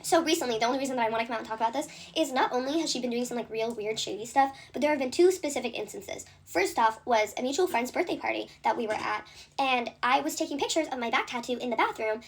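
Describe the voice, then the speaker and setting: A young woman telling a storytime rant, fast and indignant, full of fillers and swearing. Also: a little high, expressive, slight background noise. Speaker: content creator.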